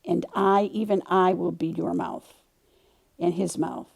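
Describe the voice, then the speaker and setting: A woman reading the lines of God, a solemn male deity, in a measured scripture-reading way. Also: fairly low pitch, steady tone, creaky, a little mellow, breathy edge, full character voice.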